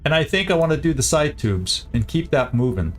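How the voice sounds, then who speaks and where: A man's voice: on the high side, sing-song, brisk, faint music behind. A man streaming a strategy game, thinking aloud in casual commentary, often repeating himself and muttering asides. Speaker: gaming streamer.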